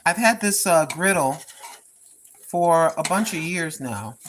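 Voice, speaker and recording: An older woman from Oregon rambles through a cooking live stream in her home kitchen, repeating herself in a folksy way. Her voice is fairly low and animated, she speaks slowly, and there's background noise.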